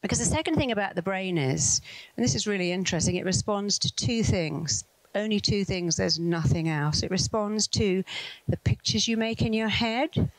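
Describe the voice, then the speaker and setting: A woman's voice: lowish voice, no room sound, poor audio. A woman with a British accent giving a motivational talk as a therapist, telling anecdotes and acting out the voices of the people in them. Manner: animated storyteller who acts out quoted voices. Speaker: therapist and speaker.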